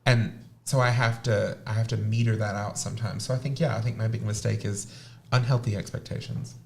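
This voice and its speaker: A man co-hosting a panel show as a high priest, giving a candid, thoughtful answer with frequent fillers and self-corrections. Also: fairly even intonation, a little fast, creaky, darkish tone.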